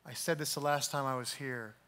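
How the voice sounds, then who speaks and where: A man preaching a sermon, telling a story and acting out the voices in it, sometimes dropping to a soft, hushed tone. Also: medium pitch, steady tone, fairly quick, clear, resonant tone. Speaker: pastor. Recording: long hall reverb.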